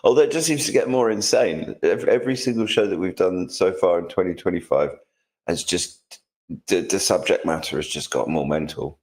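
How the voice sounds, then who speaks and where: Deep-voiced, dry man. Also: brisk, a little mellow, poor audio. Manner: dry, disdainful, rambling. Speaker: co-host. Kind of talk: casual chat.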